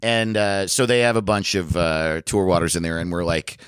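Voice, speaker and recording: A man tells a rambling story in a low, smooth voice, swearing freely and acting out the people in it. The sound is dry and close. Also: normal speed, dry recording. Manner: animated storyteller, swears a lot, acts out voices. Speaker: comedian podcast guest. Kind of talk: casual storytelling chat.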